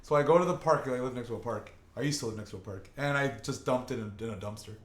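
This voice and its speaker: A man's voice: mid-range voice, racing. A young man telling a long, rambling, profane story in casual chat with friends, restarting his sentences often. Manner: rambling, profane, self-interrupting. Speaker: podcast host. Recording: echoey room, faint ambience.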